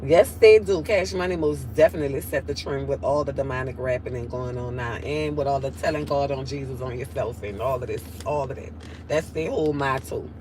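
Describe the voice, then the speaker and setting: A woman's voice: very deep voice, a little fast, noisy background. A nasal-voiced woman with a New Orleans accent chatting casually on a livestream, reading out viewer comments in a drawling way. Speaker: livestream host.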